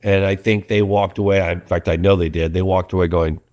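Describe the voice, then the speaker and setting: An earnest middle-aged documentary filmmaker, a guest in a casual interview chat, tells stories in a low, fairly quick voice. He's an animated storyteller.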